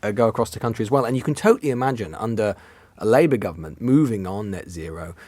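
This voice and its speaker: Rapid, low-voiced British political pundit. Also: male voice, expressive, a little mellow, dry recording. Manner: fluent, rapid analytic explaining. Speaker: political journalist guest. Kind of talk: political analysis in conversation.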